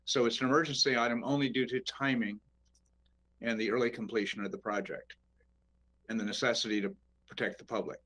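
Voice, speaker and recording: A man's voice: mid-range voice, steady tone, a little fast, long pauses, fairly bright tone. A man on county staff presenting an item to commissioners in an explanatory way, with restarts. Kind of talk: explaining a public works item.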